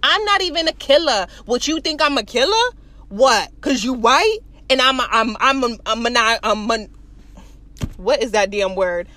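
A woman's voice: a little high, animated, normal speed, pushed and bright. A woman voicing an indignant Puerto Rican man who keeps protesting and repeating himself.

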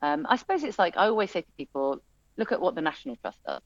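A woman's voice: on the low side, fast talker, no room sound, dull audio. A woman who runs a music venue, telling her story in an interview with lots of fillers and restarts. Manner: chatty, animated storytelling with many fillers and restarts. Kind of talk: interview conversation.

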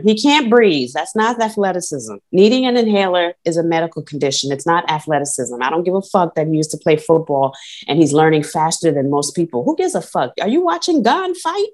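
Animated, profane woman ranting about fights. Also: on the low side. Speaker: podcast co-host. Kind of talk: casual sports chat.

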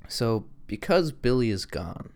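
A restaurant worker with a medium-pitched, sing-song, gravelly, slightly mellow voice takes his time telling a work story in casual conversation. He rambles, says "like" a lot, and acts out what people said.

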